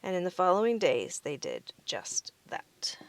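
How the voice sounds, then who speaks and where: Woman reading children's book aloud, clear and expressive, dry recording. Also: lowish voice, measured pace, no room sound. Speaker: storybook reader.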